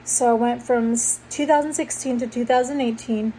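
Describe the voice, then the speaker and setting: A woman's voice: fairly high pitch, steady tone, moderate pace, mellow, rough recording. A young woman vlogger casually telling a personal story, rambling and correcting herself as she goes. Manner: rambling, self-correcting, conversational. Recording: faint background noise.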